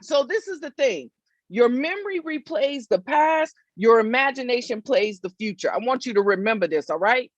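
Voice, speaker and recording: Outdoors in hot weather, a woman delivers a faith-based motivational talk, emphatic and repetitive, frequently checking in with her listeners. Her slightly high voice is expressive and moderately paced. The recording is muffled, with no echo.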